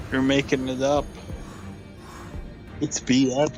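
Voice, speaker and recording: A man's voice: mid-range voice, very animated, a little slow, over music. A man chatting casually on a late-night stream, laid-back, rambling and often restarting his sentences. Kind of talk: casual chat.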